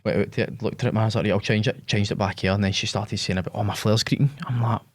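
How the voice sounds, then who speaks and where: A man's voice: lowish voice, fairly even intonation, racing. A Scottish man, a business owner and podcast guest, telling a rambling story in casual, sweary chat and saying "mate" constantly.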